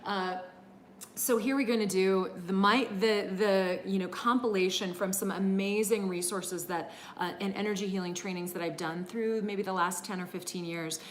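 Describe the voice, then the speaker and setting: A middle-aged woman teaching a live-streamed energy healing class, chatting warmly and greeting viewers by name, with many fillers. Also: medium pitch, fairly even intonation, normal speed, a little hiss or hum.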